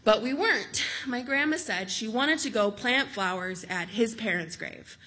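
A woman telling a true story on stage in a lively, amused, conversational way. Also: a little high, moderate pace.

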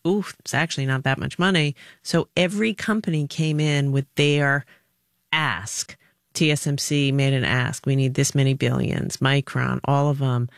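A middle-aged woman answering interview questions in an emphatic, direct way, telling stories with lively energy. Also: deep voice, no echo, clean studio sound. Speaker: former government official, guest.

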